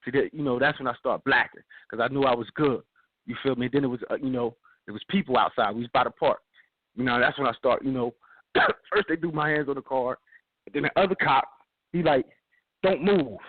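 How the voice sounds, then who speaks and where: A man telling a story in a casual, animated way, acting out other people's lines and repeating himself. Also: mid-range voice, fairly quick, no room sound. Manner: animated, repeats himself, acts out the cops' shouting. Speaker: radio show guest telling a story. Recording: dry tinny phone-like sound.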